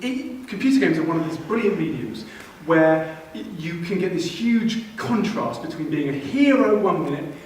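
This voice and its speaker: A man doing stand-up, his voice swooping up and down as he tells the story and slips into characters. He sits on the higher side for a man. The sound is live and echoing, caught from a distance with a little noise underneath. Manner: animated storytelling, acts out characters in quick bursts. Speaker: stand-up comedian. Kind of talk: stand-up comedy set. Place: comedy stage before a live audience. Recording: roomy live venue mic, some distance, faint noise.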